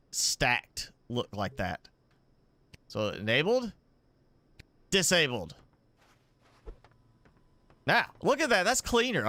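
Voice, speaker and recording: Slow, smooth-voiced man thinking aloud. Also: on the high side, pushed and bright, dry recording. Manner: thinking aloud, halting and self-correcting. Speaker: streamer. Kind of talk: live gameplay commentary.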